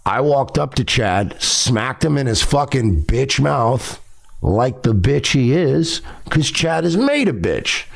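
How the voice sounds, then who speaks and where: A man's voice: mid-range voice, sing-song, takes it slowly, vocal fry. A man hosting a podcast, delivering a profane, confrontational ranting monologue. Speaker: podcast host.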